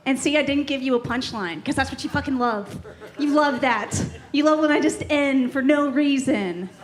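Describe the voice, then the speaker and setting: A woman's voice: high voice, moderate pace. A woman doing a sardonic, profane stand-up set, teasing the crowd. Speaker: stand-up comedian. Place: comedy club stage.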